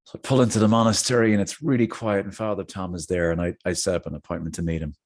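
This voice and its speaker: A man's voice: sits low, fast. A middle-aged man hosting a casual talk, telling a personal story with jokey asides. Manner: animated, jokey asides, chatty. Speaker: host.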